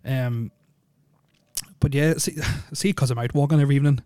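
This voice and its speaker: Rambling podcast guy, flat delivery. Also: medium pitch, normal speed, clean tone, dry recording. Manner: rambling, filler-heavy, joking. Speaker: podcast host. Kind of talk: casual solo podcast chat.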